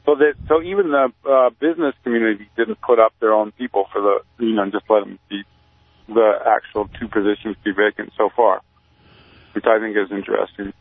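Male caller-guest, deadpan and rambling, heard over a thin phone line. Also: lowish voice, brisk, no room sound. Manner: rambling, deadpan, many fillers. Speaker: activist guest. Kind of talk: casual radio interview.

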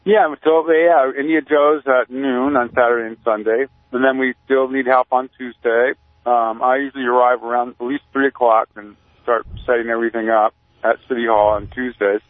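Man, rambling deadpan guest, lots of ums, tinny phone line, dry. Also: medium pitch, moderate pace, no echo. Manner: rambling, deadpan, many fillers. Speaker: activist guest. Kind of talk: casual radio interview.

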